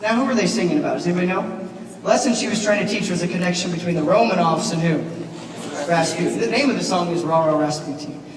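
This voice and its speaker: A man giving a keynote speech at a banquet, animated and asking the audience questions. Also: high voice, quick pace, a loud crowd. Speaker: keynote speaker, teacher. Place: large banquet hall. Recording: echoey hall, mic from far off, noisy.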